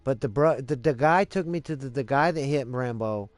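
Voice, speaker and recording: Male streamer, casual profane storyteller, rambling with fillers, mid-pitched voice, dry close sound. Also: moderate pace, no room sound, soft background music. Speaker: live streamer.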